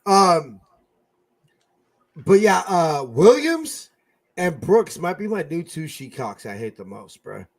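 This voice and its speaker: This is a man co-hosting a casual fan podcast, his voice sitting a little high for a man. He talks fast and profanely, with sudden loud outbursts between quieter muttering. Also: creaky. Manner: profane, excitable, swings loud and soft. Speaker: podcast co-host. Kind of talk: casual sports fan chat.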